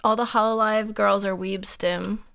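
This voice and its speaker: A young woman streamer chatting casually with her viewers, giggly and animated, laughing often. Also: medium pitch, measured pace, vocal fry, clean tone. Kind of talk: casual live-stream chat.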